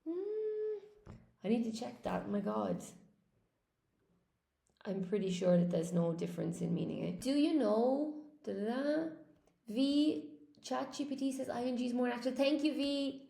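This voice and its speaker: A woman's voice: a little high, sing-song, unhurried, vocal fry, dark tone, reverberant. An Irish woman and English teacher running a live-stream lesson, chatting with viewers, thinking aloud and reading out their comments. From Ireland.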